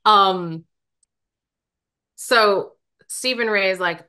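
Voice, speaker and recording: An American woman co-hosting a podcast, recapping a film in casual chat, animated and quick to laugh. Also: on the low side. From United States. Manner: animated, laughs often, acts out characters' lines. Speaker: podcast co-host. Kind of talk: casual movie review chat.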